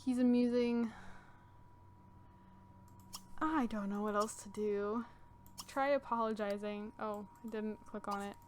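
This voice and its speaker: In this casual let's-play, a young gaming host narrates her own gameplay, filling her thinking-aloud with plenty of fillers while deciding what comes next. She speaks in a mid-range voice at a moderate pace with fairly even intonation, and there's a little hiss or hum.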